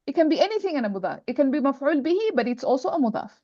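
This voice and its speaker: A woman's voice: high-pitched, big pitch swings, rapid-fire, mellow, no echo. A woman teaching Arabic grammar in an online class, patient and full of examples, with a dull, dry video call sound. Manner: patient, explains with examples, many restarts.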